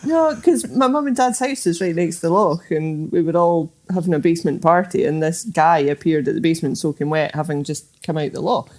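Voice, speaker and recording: A woman's voice: deep voice, a little fast, few pauses, darkish tone. Laughing Scottish woman telling a story. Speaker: podcast guest. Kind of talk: casual storytelling chat.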